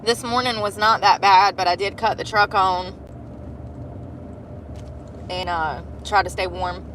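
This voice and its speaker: A woman chatting casually on a livestream from inside her truck, telling animated stories and swearing freely. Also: mid-range voice, unhurried, slight background noise.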